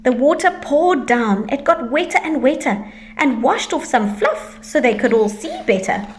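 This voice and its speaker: A woman reading a rhyming picture book aloud to children, with a lively, sing-song delivery. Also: sits high, normal speed, a little hiss or hum. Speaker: storyteller for children.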